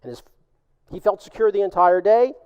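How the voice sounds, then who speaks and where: A man preaching a sermon and telling a story in an expressive, animated way. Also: high-pitched, normal speed, clear, resonant tone, in a large hall, muffled recording. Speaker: pastor. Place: church sanctuary.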